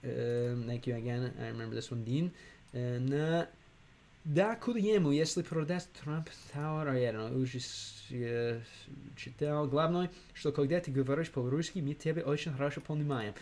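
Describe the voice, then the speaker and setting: A man's voice: mid-range voice, a little mellow. Rambling American man streaming casually. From Chicago, USA. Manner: rambling, halting, with many fillers and restarts. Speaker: streamer and language learner. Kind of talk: casual livestream chat.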